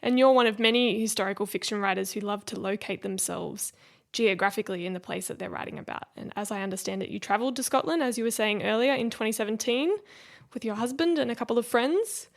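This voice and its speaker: Woman interviewer with a bit of vocal fry, asking questions, lots of mm's. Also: a little high, fast. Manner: attentive, backchanneling with short agreements.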